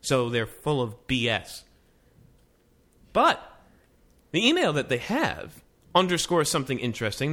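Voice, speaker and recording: A man co-hosts a casual tech chat show, speeding through stories with plenty of restarts and tangents. His pitch swings widely as he talks, lively and animated throughout. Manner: fast, rambling, animated. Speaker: podcast co-host.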